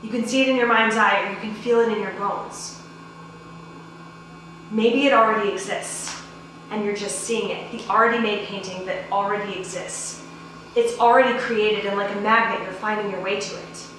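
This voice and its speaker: An actress playing a playful ghost woman who lectures breezily and turns hushed and hypnotic, in a stage play. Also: medium pitch, steady tone, normal speed, natural voice. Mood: lecturing. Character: playful dreamy ghost woman, self-styled genius. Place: small theater stage. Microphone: distant room mic. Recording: echoey stage from far off, hum.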